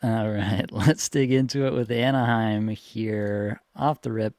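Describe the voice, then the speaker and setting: A man's voice: fairly low pitch, fairly even intonation, measured pace, darkish tone, no echo, clean studio sound. Upbeat man hosting a podcast. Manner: upbeat, laughs easily. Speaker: podcast host. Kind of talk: casual podcast chat.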